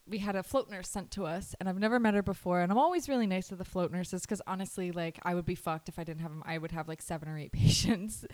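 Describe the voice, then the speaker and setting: A woman in her twenties, co-hosting a casual podcast chat, talking in a chatty way with swearing and laughs. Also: lowish voice. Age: 20s. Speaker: podcast co-host.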